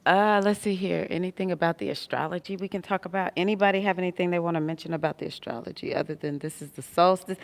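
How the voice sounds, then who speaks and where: A woman's voice: fairly low pitch, animated, a little fast, vocal fry, few pauses. A woman chatting casually on a livestream from a hospital room, reading viewer comments and laughing often. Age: adult with a son. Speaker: astrology livestream host.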